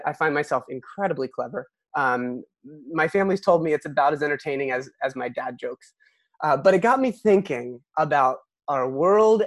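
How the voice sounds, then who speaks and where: Middle-aged male pastor, relaxed storytelling sermon, dry close sound, gentle humor. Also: a little high, no echo. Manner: conversational storytelling, self-deprecating humor.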